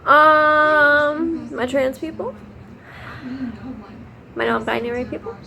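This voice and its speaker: A woman's voice: on the high side, animated, measured pace, pushed and bright. A young woman, chatting casually to camera about books, swearing freely and laughing often. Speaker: book vlogger.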